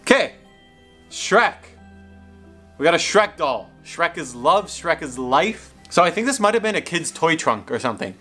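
A young adult man hosting a casual unboxing vlog, excitable, reacting loudly and swearing. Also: a little high, moderate pace, soft background music. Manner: excitable, swears and yelps when hurt. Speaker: YouTube host.

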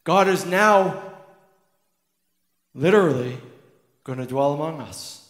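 Bright and animated, this man's fairly high voice moves at a slow pace as he preaches from the sanctuary. Earnest and emphatic, the pastor repeats important lines for weight, and the room rings with long, echoing reverb.

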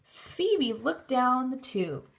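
A woman's voice: high-pitched, very animated, drawn-out words, creaky, noisy background. Woman reading a children's storybook. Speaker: narrator.

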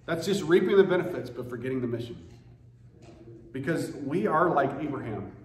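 A man's voice: mid-range voice, animated, a little fast. A man preaching a sermon as pastor, in an earnest, conversational way. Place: church sanctuary. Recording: echoey church room with faint noise.

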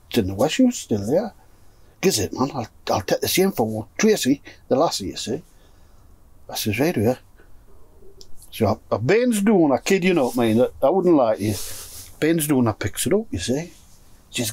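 A man from North East England with a Geordie accent tells a lengthy story to friends in a pigeon loft, his medium-pitched, darkish, breathy voice very animated at a normal pace in a dry recording. The pigeon fancier swears all the time and plays out the others' lines.

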